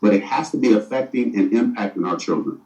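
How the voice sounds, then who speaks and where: Middle-aged mayor, dark echoey sound. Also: male voice, lowish voice, brisk, muffled recording. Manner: earnest, stumbles and repeats words. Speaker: city mayor. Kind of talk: answering interview questions. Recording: echoey room, far from the mic.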